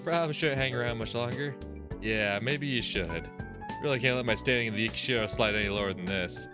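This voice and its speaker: A man's voice: medium pitch, fairly quick. A man hosting a let's play, reading a visual novel's text aloud and reacting with frequent swearing and laughter. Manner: swears freely, laughs, reacts loudly to scares. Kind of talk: casual gaming commentary and reading game text aloud. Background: game music.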